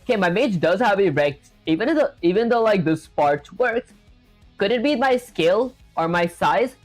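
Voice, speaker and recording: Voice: mid-range voice, animated, normal speed. Chatty live-coding streamer over faint music. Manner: chatty, filler-heavy, self-deprecating, addresses chat as "guys". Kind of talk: casual coding livestream, chatting with viewers.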